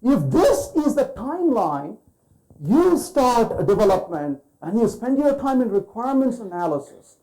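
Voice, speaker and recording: Lively, mellow-voiced man giving a keynote. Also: very high-pitched, normal speed, low-quality recording. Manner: rhetorical questions to the audience, acts out quoted voices. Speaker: keynote speaker. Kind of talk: conference keynote talk.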